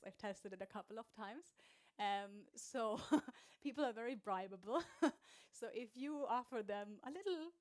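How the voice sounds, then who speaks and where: Woman speaker, mid pitch, smooth clear voice, casual presenting style with fillers. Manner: casual, chatty, many "um"s and light laughs. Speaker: speaker at a meetup. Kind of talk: conference presentation.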